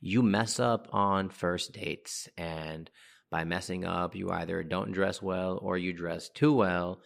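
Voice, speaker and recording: With a low, creaky voice, fairly even intonation and a slow pace, this podcast host delivers a casual monologue of blunt, chatty dating advice, addressing listeners as dude and bro.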